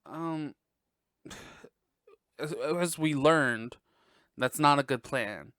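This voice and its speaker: A man hosting a podcast and reviewing a movie in casual chat, blunt, profane and gossipy, with sudden high exclamations. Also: drawn-out words, bright, forceful tone, no echo, clean studio sound. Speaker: podcast host.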